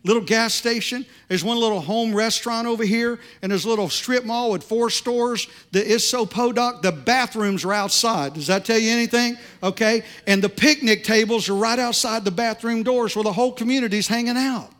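Male pastor, middle-aged, high voice, loud and animated, preaching a storytelling sermon. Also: normal speed, few pauses. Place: church.

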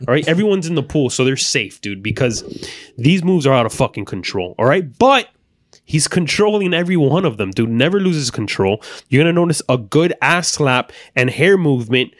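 A man's voice: medium pitch, moderate pace, no echo, clean studio sound. A man hosting a casual comedy podcast, riffing loosely on funny videos, with plenty of swearing and playful put-on voices. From Miami. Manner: animated, profane, riffing on videos. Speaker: podcast host.

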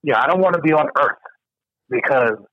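A man's voice: medium pitch, expressive, brisk, no echo, dull audio. Heated, profane man ranting. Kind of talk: casual podcast chat.

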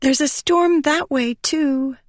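A woman's voice: a little high, expressive, moderate pace, no echo, pitched above the performer's own voice, close to an everyday voice. A woman voicing a small, wistful female spirit in a light, airy voice, in an audiobook.

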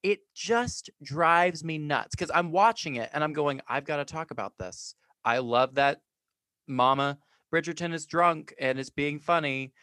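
A man's voice: on the high side, measured pace, bright, forceful tone, no room sound. A man co-hosting a podcast in casual chat, ranting with dramatic flair about a show. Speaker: podcast co-host.

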